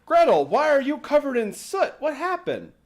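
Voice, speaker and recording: A man voicing a worried father who loudly demands answers from his children. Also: very high voice, huge pitch swings, normal speed, pitched above the performer's own voice, full character voice. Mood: exasperated. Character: worried father, loud and exasperated.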